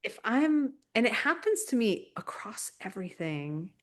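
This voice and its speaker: A woman co-hosting a casual spiritual chat podcast, talking reflectively in halting, searching phrases. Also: a little high, sing-song. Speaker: podcast co-host.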